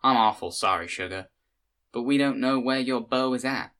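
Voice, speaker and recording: A man's voice: medium pitch, moderate pace, fairly bright tone, voice pushed up, natural voice. A man voicing a talkative grey-haired woman tourist from the American South, folksy and gushing, with a Southern US accent.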